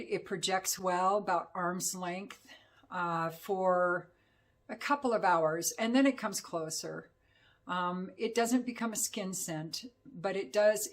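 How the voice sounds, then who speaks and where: A woman giving a casual, rambling perfume review, talking with many fillers. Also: mid-range voice. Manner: chatty, rambling, full of fillers.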